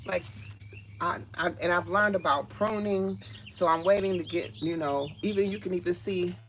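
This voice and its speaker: A woman vlogging from her home garden, talking straight to her viewers with warm enthusiasm and emotion, filming on a phone outdoors. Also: lowish voice, steady tone, normal speed, slight background noise. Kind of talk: casual garden walkthrough vlog. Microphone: phone held while walking.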